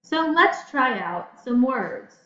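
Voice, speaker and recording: A woman teacher giving a patient phonics lesson to children, speaking slowly and pausing for answers. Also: high voice, animated, bright, forceful tone. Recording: echoey room, slightly dull sound.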